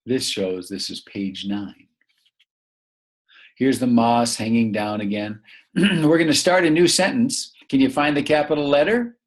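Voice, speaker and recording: A man teaching a young English learner, reading a picture book aloud slowly and asking many encouraging questions. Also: mid-range voice. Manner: slow, encouraging, full of questions.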